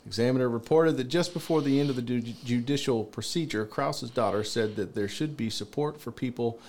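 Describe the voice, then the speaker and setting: A man's voice: mid-range voice, a little fast, darkish tone. Guy cohosting a chill podcast, laughs a lot, mid voice, little hiss in back. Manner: playful, laughs often. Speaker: podcast co-host. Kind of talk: casual chat.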